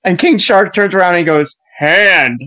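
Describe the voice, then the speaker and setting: A man hosts a casual podcast in a slightly high voice. He is animated and laughs often, acting out the scenes he describes. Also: normal speed. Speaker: podcast host. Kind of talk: casual chat.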